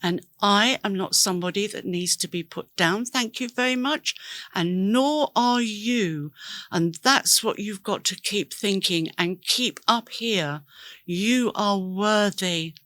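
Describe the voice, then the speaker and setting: A woman's voice: medium pitch, slow pace, fairly bright tone, dry recording. A woman hosting a podcast, giving an earnest, encouraging self-help talk straight to her listeners. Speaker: podcast host.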